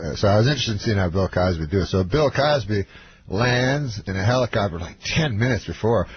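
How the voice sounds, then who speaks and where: A man, a comedian guest on a radio show, telling long rambling anecdotes in a deadpan way. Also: lowish voice, brisk. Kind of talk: radio talk-show storytelling. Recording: dull lo-fi radio broadcast with faint hiss.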